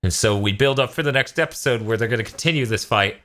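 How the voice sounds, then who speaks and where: A man's voice: fast, a little hiss or hum. A man co-hosting a podcast, recapping an anime episode in casual chat, swearing freely and acting out the characters. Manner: animated retelling, jumps into high squeaky voices for quoted characters, swears freely. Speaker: podcast co-host.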